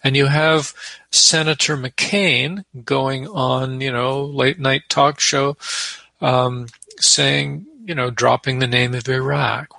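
A man, an author and peace activist, giving measured, explanatory interview answers with a wry edge. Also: mid-range voice, gravelly, sharp tone, no room sound.

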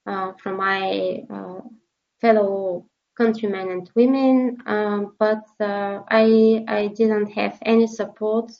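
Slow, halting woman journalist. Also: medium pitch, fairly even intonation, vocal fry, muffled recording. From Bulgaria. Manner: halting, many fillers and repeated words. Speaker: journalist, interview guest. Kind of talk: emotional interview testimony.

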